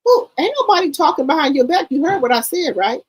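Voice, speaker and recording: A woman's voice: high voice, expressive, fast talker, voice pushed up. A woman voicing her blunt, outspoken elderly mother in a raised, insistent voice.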